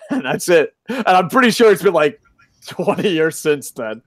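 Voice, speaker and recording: A man's voice: a little high, very animated, unhurried, no echo, clean studio sound. A middle-aged man hosting a casual live-stream chat, reading viewer comments aloud, swearing freely and laughing often. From lives in Japan. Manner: profane, joking, laughs often. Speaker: podcast host reading chat.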